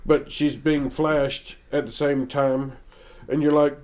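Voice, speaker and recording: A man's voice: a little high, flat delivery, slow, darkish tone. A man, telling crude retail stories in casual podcast chat. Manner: blunt, crude storytelling about retail work. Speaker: podcast co-host.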